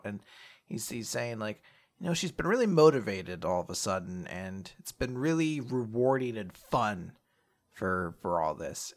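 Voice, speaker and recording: A man co-hosting a casual manga recap podcast, acting out the characters' lines in quick voices and swearing freely. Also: medium pitch, fairly bright tone. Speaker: podcast co-host.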